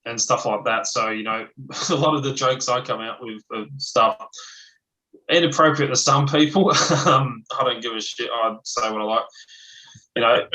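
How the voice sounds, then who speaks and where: An Australian man in a loose, casual chat, with a bright, forceful voice. He talks bluntly, swears without a second thought and laughs often. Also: medium pitch, normal speed, low-quality recording. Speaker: livestream guest, ex-chef.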